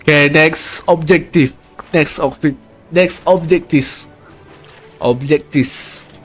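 A young man live-streaming a game, excitedly shouting hurried callouts to his teammates. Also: on the high side, husky, soft background music. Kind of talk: live gameplay commentary.

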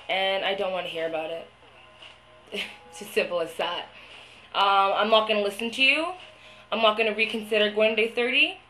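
A young woman talking to the camera in a video diary, venting her frustration, swearing a lot and pausing often with fillers. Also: mid-range voice, pushed and bright, poor audio. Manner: hesitant, many fillers. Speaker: vlogger.

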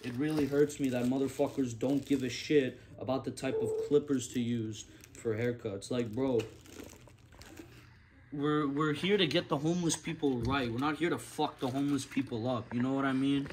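A man who works as a barber, hosting a casual vlog in a profane, animated, ranting way. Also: medium pitch, moderate pace, noisy background.

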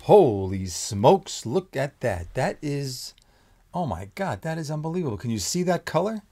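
A middle-aged man who owns a menswear shop, unboxing products in an excited, exclaiming, rambling vlog. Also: a little high, moderate pace. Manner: enthusiastic, exclaiming, loosely rambling.

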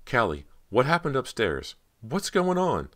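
A man's voice: a little fast, fairly bright tone. A man voicing a terrified teenage girl who pleads with her sister in an audiobook. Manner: pleading, breathless and shrill. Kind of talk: audiobook character voice.

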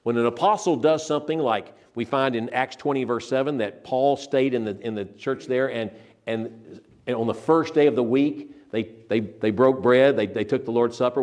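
A man's voice: medium pitch, darkish tone. Earnest older man preaching a sermon. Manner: earnest and emphatic, slows down to stress scripture; repeats words and restarts phrases.

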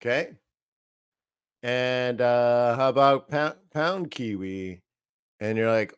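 A man's voice: medium pitch, slow, pauses often, smooth, no room sound, clean studio sound. A man hosting a live trading stream, casually talking through market charts and thinking aloud as he goes. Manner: casual, rambling, talks to himself while reading charts. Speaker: trading analyst host.

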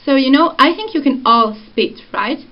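A woman's voice: high-pitched, animated, moderate pace, muffled recording. A young woman, casually explaining pronunciation in a vlog lesson. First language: Swiss German. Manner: easygoing, explains with examples. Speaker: vlogger.

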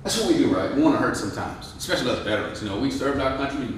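A veteran man giving a lively motivational speech, joking and asking the crowd questions. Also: mid-range voice, racing, a little hiss or hum. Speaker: guest speaker, veteran. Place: large indoor hall. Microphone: distant microphone. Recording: echoey hall, distant mic.

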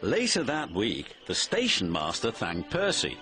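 A man narrating a children's storybook in an expressive read-aloud style. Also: medium pitch, takes it slowly, soft background music. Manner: expressive, animated.

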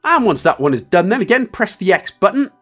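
A man's voice: sits high, sing-song, brisk, a bit bright, soft background music. A man with a Welsh accent hosting a game walkthrough, giving step-by-step instructions with chatty, self-mocking asides. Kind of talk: joking gameplay walkthrough commentary.

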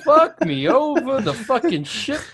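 A man's voice: very high voice, very animated, a little slow, fairly bright tone, slight background noise, exaggerated voice. A man doing a brash stereotypical Italian tough guy. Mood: brash, rowdy. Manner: profane, brash, laughing through lines. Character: crude loud Italian-American tough guy, middle-aged. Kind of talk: comic movie dub over a film.

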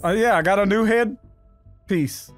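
A man hosting a gaming channel, trading loud, swearing trash talk while playing a fighting game. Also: high-pitched, unhurried, soft background music. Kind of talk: excited gaming banter.

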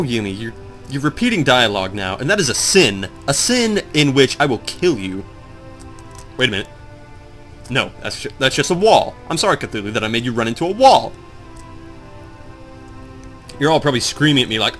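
A let's play commentator who has just woken up and feels groggy rambles over his game at a normal speed with long pauses, swearing at his own confusion and talking to viewers. His bright, forward voice swings wildly in pitch, excitable throughout, while faint game music plays underneath.

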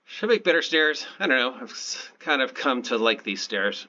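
A man hosting his own gaming channel, talking through his play in a deadpan, sarcastic, self-mocking way. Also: mid-range voice, normal speed, dull audio. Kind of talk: sarcastic let's play commentary.

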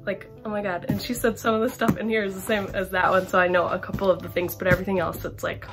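A woman's voice: medium pitch, flat delivery, fast, over music. A 21-year-old woman chatting in an unboxing vlog, gushing and rambling with constant "like" and "literally.". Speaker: campus brand rep.

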